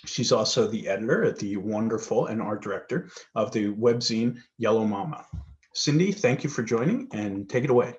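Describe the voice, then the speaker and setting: A man's voice: lowish voice, lively intonation, moderate pace. A man from New Jersey hosting a virtual reading, introducing the next author from her bio with a few fillers. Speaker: host introducing readers. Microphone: video call. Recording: dull lo-fi video call audio.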